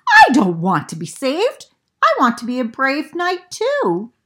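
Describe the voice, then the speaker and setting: A woman's voice: high-pitched, huge pitch swings, unhurried, fairly bright tone, voice pushed up, full character voice. Woman doing a bold girl beaver. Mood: insistent. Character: spirited girl beaver, wants to be a knight.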